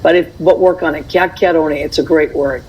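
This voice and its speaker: A woman chatting as a radio guest, an animated storyteller who laughs often. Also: low-pitched, moderate pace, a little hiss or hum, low-quality recording. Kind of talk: casual chat.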